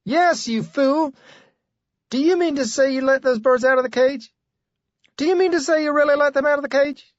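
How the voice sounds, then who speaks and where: A man voicing a naive, excitable young wife, raising his voice high and talking in a shrill, gushing, pleading way. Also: moderate pace, no echo, dull audio. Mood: shrill upset.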